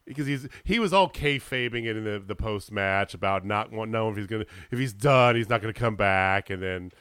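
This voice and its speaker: A man in casual chat about wrestling, ranting in an animated way and swearing freely. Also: fairly low pitch, fairly quick, clear, resonant tone, no room sound, clean studio sound. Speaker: podcast co-host.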